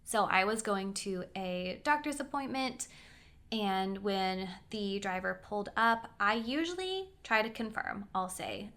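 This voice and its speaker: Bright-voiced young woman telling stories. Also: mid-range voice, measured pace. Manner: chatty, animated storytelling with quoted voices and asides. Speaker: vlogger. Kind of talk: casual storytelling.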